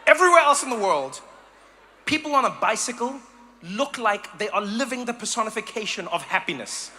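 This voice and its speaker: A man from South Africa doing animated stand-up comedy, slipping into mock voices. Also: high-pitched, a little fast.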